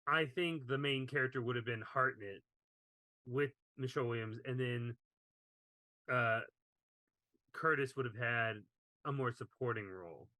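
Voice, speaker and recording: A young man co-hosting a movie podcast, sharing opinions and asking questions in a relaxed, casual way. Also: mid-range voice, a little slow, pauses often, no echo. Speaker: podcast co-host. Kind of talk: casual movie review chat.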